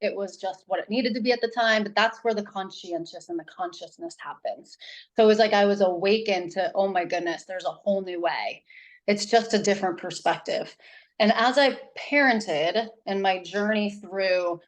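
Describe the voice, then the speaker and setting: A woman guest talks about her parenting work in a loose, animated interview style. She rambles and restarts her sentences often. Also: mid-range voice, normal speed. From New Hampshire. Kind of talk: casual interview talk.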